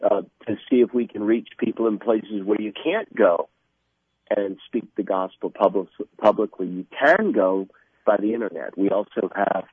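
A man speaking as a guest in a radio interview, earnest and halting, often restarting his sentences. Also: on the low side, husky, no room sound. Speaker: guest from an evangelistic ministry. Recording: tinny phone line.

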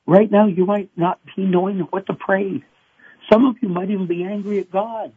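A middle-aged male pastor being interviewed, preaching with animated acted-out voices. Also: sits high, normal speed, breathy edge, no room sound. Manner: animated, acts out voices and cries. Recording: tinny phone line.

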